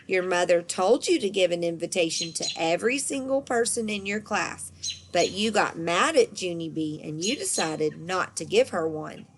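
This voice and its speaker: A woman's voice: lowish voice, animated, background noise, close to an everyday voice. A woman voicing a stern, firm middle-aged male school principal in a storybook reading. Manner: firm, measured.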